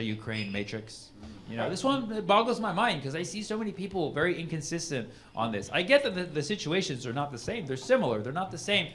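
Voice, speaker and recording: Male stand-up comic, slightly high voice, conversational delivery, live club sound. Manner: conversational, builds to loud punchlines. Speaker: stand-up comedian. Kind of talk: stand-up comedy set. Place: comedy club stage. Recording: live club mic with audience noise.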